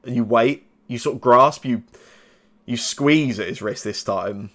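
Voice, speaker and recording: Halting male game master narrating. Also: medium pitch, a bit bright. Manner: halting, with many restarts.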